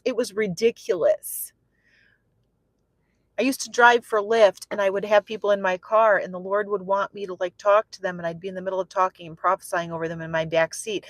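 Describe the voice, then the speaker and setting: A woman minister preaching through a personal story, chatty and repetitive, swinging from soft musing to loud, excited exclamation. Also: mid-range voice, dry recording. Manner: repeats phrases for emphasis. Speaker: prophetic minister.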